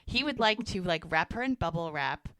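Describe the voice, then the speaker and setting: A woman speaks at a moderate pace in a fairly low voice, casually going over a TV episode on a podcast. She animatedly voices the characters, introducing their lines with "she's like," and the recording is dry and studio quality.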